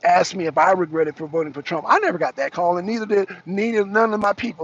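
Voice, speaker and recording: A man's voice: sits high, fast talker, highs cut off. A man hosting a political talk stream, chatting casually and animatedly with viewers, greeting them by name and swearing often. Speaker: political talk show host. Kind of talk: casual live-stream commentary.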